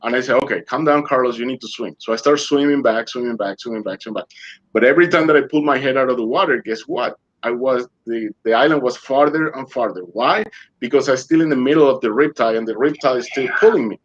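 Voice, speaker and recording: A male interview guest with a medium-pitched voice tells stories quickly and dramatically in broken, loosely structured non-native English, acting out his own quoted lines. The casual interview comes through as muffled call audio.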